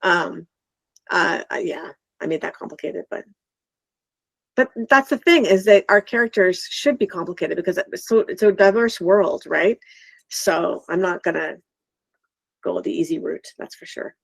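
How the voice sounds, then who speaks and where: A woman's voice: lowish voice, moderate pace, vocal fry, dry recording. A woman, an author hosting a livestream, chatting in a bubbly, enthusiastic, slightly scattered way. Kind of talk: casual live chat.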